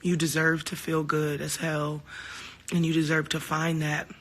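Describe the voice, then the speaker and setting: Her voice is low and a little slow as she talks casually to fans on a livestream shot with her phone camera. Swearing without restraint, she shares heartfelt, candid stories, acting out the quoted exchanges with animation.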